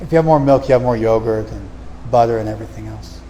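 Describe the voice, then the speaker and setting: A man giving a spiritual lecture. He recites verses slowly and then explains them in plain, conversational talk. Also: fairly low pitch, long reverb tail, heavy background noise. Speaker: lecturer on scripture. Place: outdoor festival.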